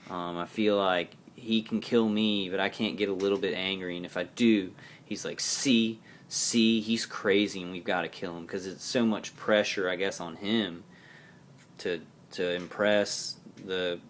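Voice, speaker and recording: Deep-voiced man rambling earnestly. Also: a little hiss or hum. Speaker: vlogger. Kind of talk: personal video diary.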